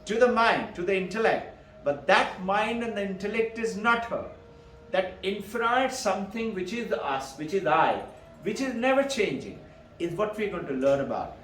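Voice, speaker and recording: A man's voice: sits high, fairly bright tone, slight background noise. A man gives a teaching talk on Vedanta. He poses rhetorical questions and answers them himself, laughs between points and often adds "no?" as a tag. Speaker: spiritual teacher. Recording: echoey room, mic at a distance.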